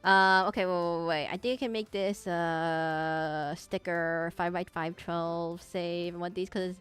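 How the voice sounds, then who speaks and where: This streamer has a lowish, steady, slightly slow female voice with a bit of brightness and a clear, resonant tone. She rambles casually to her chat as she draws requests live, clearly amused with herself.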